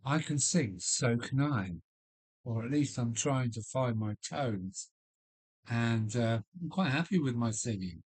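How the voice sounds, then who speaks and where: A man with a deep voice hosting a casual live stream from his loft, rambling with many fillers and restarts while chatting with viewers. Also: a little slow, slightly rough. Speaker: livestream host. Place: home loft.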